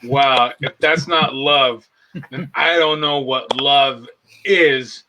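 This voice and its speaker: A man's voice: mid-range voice, takes it slowly, a little hiss or hum, natural voice, poor audio. A man in an improv comedy show playing a pompous self-help guru who hosts and rambles in mock-profound phrases.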